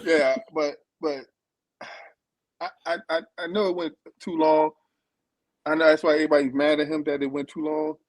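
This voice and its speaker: A man's voice: on the high side, level tone, normal speed, dry recording, low-quality recording. A man hosting a casual live-stream chat, talking emphatically and repeating words as he stumbles over his thoughts. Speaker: host reviewing a reality show.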